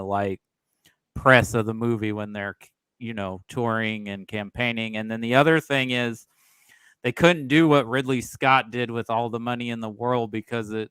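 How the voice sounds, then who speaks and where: A man chatting as a guest on a film podcast, his voice smooth and resonant. The sound is close and dry, with no room around it, and he speaks in a chatty, opinionated way. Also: mid-range voice, a bit bright, no echo. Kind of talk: casual film discussion.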